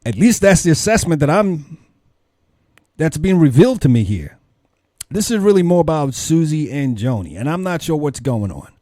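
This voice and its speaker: A man's voice: a little high, sing-song, normal speed, warm tone, dry recording, studio quality. A man hosting a commentary channel, questioning and preachy as he weighs in from a faith view. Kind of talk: religious commentary.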